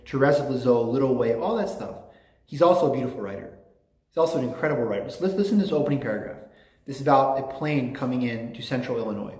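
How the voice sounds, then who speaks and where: Chatty man lecturing in an echoey room. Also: mid-range voice. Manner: enthusiastic, digressive and chatty. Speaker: lecturer in a Catholic class. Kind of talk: informal lecture with readings aloud.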